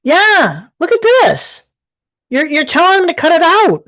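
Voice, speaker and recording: A woman's voice: very high voice, wildly swooping pitch, measured pace, a bit bright. A woman giving a casual live tarot reading from her desk at home, talking in a rambling, chatty way with many restarts. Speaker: tarot reader.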